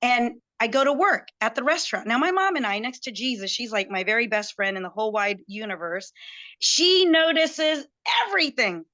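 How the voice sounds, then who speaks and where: A woman guest telling a personal story in an excited, chatty way, acting out what others said to her. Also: a little high, normal speed. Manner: chatty, excitable, acts out quoted dialogue.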